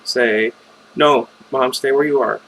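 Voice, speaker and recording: A man voicing a soft-spoken woman caller who threatens in a light, friendly tone while reading a story aloud. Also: mid-range voice, steady tone, slow pace, creaky, slightly rough, heavily acted, poor audio. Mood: calmly menacing. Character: calm, menacing woman caller on phone.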